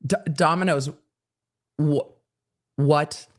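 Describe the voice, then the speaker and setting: A woman's voice: sits low, fairly even intonation, slow pace. A woman hosting a live stream, reading out social media replies with laughing, incredulous reactions. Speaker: host.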